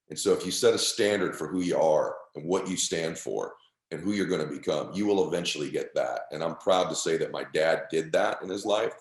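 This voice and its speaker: A man's voice: rumbling low, echoey room. A middle-aged man telling an emotional story as a motivational speaker, intense and emphatic. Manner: intense, emphatic, calls listener "bro".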